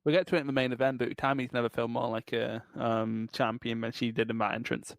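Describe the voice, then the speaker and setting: A man's voice: mid-range voice, level tone, quick pace, creaky, no room sound. Blunt, sweary man, dry sound. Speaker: podcast co-host. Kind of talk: casual podcast chat.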